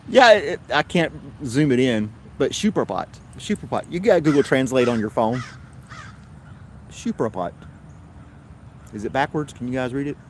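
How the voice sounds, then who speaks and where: A man's voice: mid-range voice, expressive, unhurried, pauses often, slight background noise. A man with a Tennessee accent hosting a casual livestream chat, rambling along in an easygoing way. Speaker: host.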